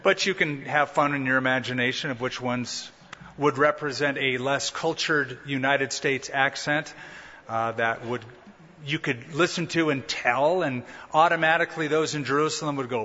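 Delivering a sermon in a conversational teaching style, this pastor tosses in rhetorical questions and funny asides. He speaks at normal speed in a medium, pushed and bright voice with fairly even intonation, heard through dull lo-fi audio and long hall reverb.

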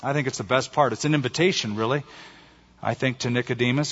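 A man preaching a sermon as pastor, earnest and expressive. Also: mid-range voice, quick pace, breathy edge. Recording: long hall reverb, dull lo-fi sound.

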